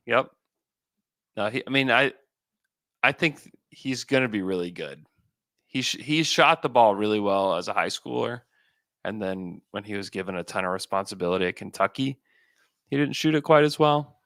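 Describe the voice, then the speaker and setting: A lower-pitched man with a gravelly, bright edge to his voice chats casually about basketball as a podcast co-host. He thinks aloud with plenty of fillers and restarts. The sound is dry and close, with no room around it. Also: lively intonation, moderate pace, long pauses, dry recording.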